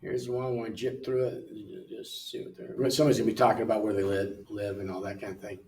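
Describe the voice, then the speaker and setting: An older man working through an English app lesson in a relaxed way, thinking aloud and reading words off the screen, recorded from away from the mic in a room. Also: lowish voice, quick pace, far from the mic. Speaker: missionary English tutor. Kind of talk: casual walkthrough of an app lesson. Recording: roomy sound from away from the mic.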